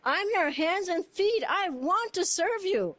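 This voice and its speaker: A woman's voice: very high-pitched, expressive, measured pace, fairly bright tone. A woman giving an informal spiritual talk, telling personal stories earnestly and animatedly, laughing often and repeating phrases. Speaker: satsang speaker.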